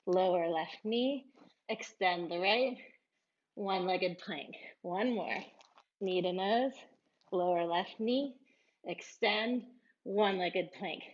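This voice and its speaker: Female yoga teacher, unhurried encouraging cues, slightly muffled recording. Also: on the low side. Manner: calm, encouraging cueing with breathy laughs. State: out of breath at times. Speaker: yoga instructor. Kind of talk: guided yoga class cues.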